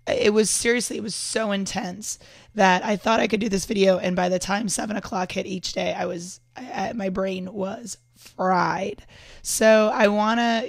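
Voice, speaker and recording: Hoarse woman, gravelly earnest vlogger. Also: mid-range voice, no room sound, studio quality. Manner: earnest, rambling, with frequent restarts. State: hoarse from illness. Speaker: podcast host and entrepreneur. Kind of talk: casual vlog talk to camera. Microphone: external microphone.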